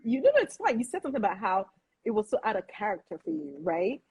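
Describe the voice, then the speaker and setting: A woman's voice: mid-range voice, sing-song, fast, darkish tone, slightly rough, low-quality recording. A woman interviewing a guest in a casual chat and encouraging her to go on.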